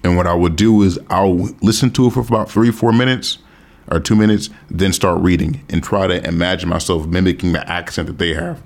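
A man's voice: sits low, fairly quick. Man giving blunt, profane advice. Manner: profane, animated, emphatic, repeats himself. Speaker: language learning vlogger. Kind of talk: casual advice monologue to camera.

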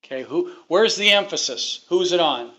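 A man's voice: fairly high pitch, expressive, normal speed, sharp tone. Emphatic preacher man, lo-fi sound. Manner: emphatic, repeats phrases, asks the congregation questions. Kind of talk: sermon. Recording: dull lo-fi recording.

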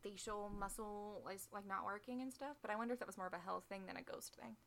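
A chatty woman tells a spooky history story in a relaxed, conversational podcast style. She drops in wry jokes and fillers like "um" and "like" as she goes. Her voice sits at an ordinary middle pitch. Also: fast, creaky. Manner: chatty, joking asides, frequent "um" and "like". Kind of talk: casual chat, storytelling.

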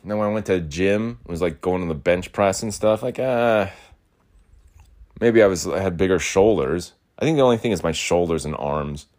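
A man's voice: sits low, normal speed, darkish tone. A young man rambling and ranting in a casual monologue, repeating himself and swearing often as he moves around his home. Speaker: podcast host. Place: rural home, in and out of doors.

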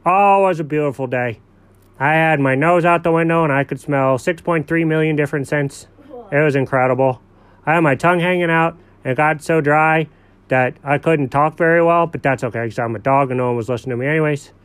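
A man voicing a goofy, dim-witted dog who hosts a podcast and tells stories in a low, slow, dopey way. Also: a bit bright, smooth, lightly acted. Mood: storytelling. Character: goofy big-hearted male dog, dim and cheerful. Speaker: podcast host figure.

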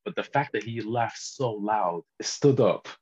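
A man's voice: lowish voice, a little slow, breathy edge, dull audio. A man, co-hosting a casual podcast and telling stories with lots of laughter. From northern England. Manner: animated storyteller, laughs often. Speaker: podcast co-host. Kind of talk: casual chat.

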